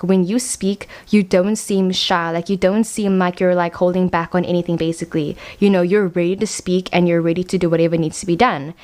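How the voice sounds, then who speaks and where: A woman giving a casual pick-a-card tarot reading to camera, chatty and rambling, full of "like" fillers, at times lively and quick. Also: lowish voice.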